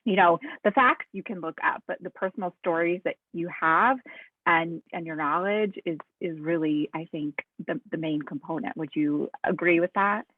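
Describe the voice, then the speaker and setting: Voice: medium pitch, moderate pace. Host on a tinny call line. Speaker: host of the talk. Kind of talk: moderating a Q&A. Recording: tinny phone-like video call.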